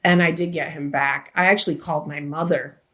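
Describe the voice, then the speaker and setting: Lowish voiced woman on a podcast, rambly stories, starts over a lot, swears casually. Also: steady tone, brisk, fairly bright tone. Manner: rambling storytelling with many restarts and swearing. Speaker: guest, actor and comedian.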